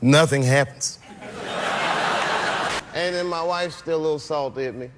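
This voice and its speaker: A man's voice: fairly high pitch, unhurried. A man, a comedian guest on a late-night talk show, telling stories and acting out voices. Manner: animated, acts out voices in his anecdotes. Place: television studio before a live audience. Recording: studio hall with audience laughter and noise.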